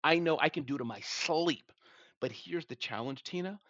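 A man's voice: on the high side, normal speed, a bit bright, no room sound, dull audio. A man in his forties hosting a live audio room, talking animatedly and saying the listener's name again and again. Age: 40s. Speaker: show host.

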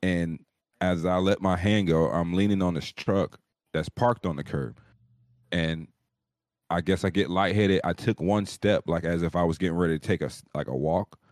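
Male, very low voice, dry close sound, profane animated storyteller, casual. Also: moderate pace, dry recording. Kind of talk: casual storytelling on a live show.

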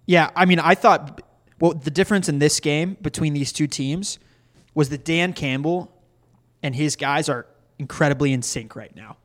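A man's voice: fairly high pitch, normal speed, a bit bright. A man co-hosting a sports podcast, breaking down games in long, analytical runs. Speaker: podcast co-host. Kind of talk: casual sports chat.

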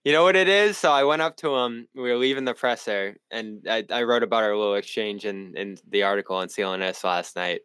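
Boston-accented man with a low, smooth voice. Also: fairly quick, few pauses, fairly bright tone, no room sound. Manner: rambling analysis with frequent restarts. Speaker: sports reporter and podcast co-host. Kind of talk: casual basketball chat.

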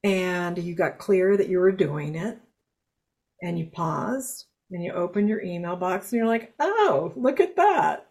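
A woman's voice: fairly low pitch, a little slow, a little mellow, husky. A woman hosting a podcast who reflects back and sums up her guest's points in an affirming way. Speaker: podcast host. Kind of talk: reflective interview talk.

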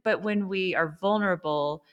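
A woman's voice: lowish voice, moderate pace, dull audio. A woman hosting a casual faith podcast chat, affirming her guest often and asking questions. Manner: warm affirming, frequent "yeah" and "so good". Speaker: podcast host.

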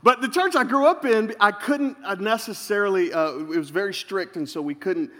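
A man preaching as pastor, telling humorous stories in an animated way. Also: high voice, moderate pace. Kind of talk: sermon. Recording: reverberant hall.

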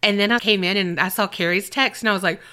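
A woman's voice: mid-range voice, fast talker, bright, forceful tone. A woman co-hosting a podcast, teasing and laughing easily in casual chat. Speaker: podcast co-host.

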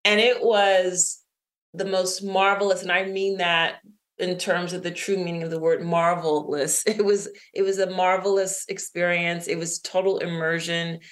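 In a fairly low voice, a middle-aged author being interviewed shares a personal story conversationally. She's lively and laughs readily.

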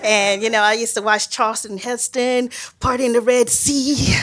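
Animated woman telling a story. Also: on the high side, moderate pace, heavy background noise. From Mississippi, USA. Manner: animated and self-mocking, acts out quoted voices. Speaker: storyteller, biologist. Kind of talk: live personal storytelling.

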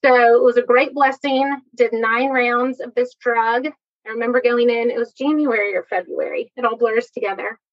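A woman shares a personal story in a candid, chatty way, full of quick asides. Her voice sits a little high. The recording is dull and lo-fi. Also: steady tone. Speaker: guest sharing personal story.

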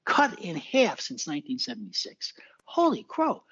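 A man's voice: on the high side, wildly swooping pitch, moderate pace, a bit bright, husky, no room sound. A man from Alaska, a garden columnist, talking in a rambling, emphatic way and repeating his points as a podcast guest. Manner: rambling, emphatic, repeats phrases, laughs at own jokes. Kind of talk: casual podcast interview. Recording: dull lo-fi audio.

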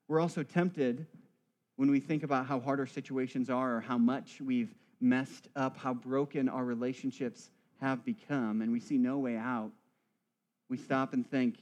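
A man's voice: mid-range voice, fairly even intonation, moderate pace, a little mellow. A male priest delivering a church sermon with rhythmic, building emphasis and wry asides.

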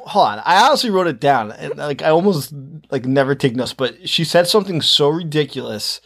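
Excitable, higher-voiced podcast man. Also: a little fast, vocal fry. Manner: excitable, laughing, profane, repeats words. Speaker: podcast co-host. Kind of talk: casual chat.

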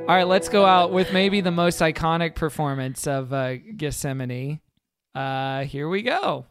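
A man's voice: on the high side, a little slow, clean tone, soft background music. A man co-hosting a podcast, joking casually as he wraps up the episode. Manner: joking, wrapping up the show. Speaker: podcast co-host. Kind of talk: casual chat.

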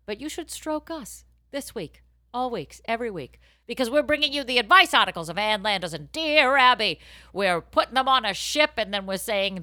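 A woman hosts a comedy podcast with loud, jokey banter that tips into rants. Her voice is bright and forceful. Her pitch swings widely. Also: animated, normal speed. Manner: loud, jokey, rant-prone. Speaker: podcast host.

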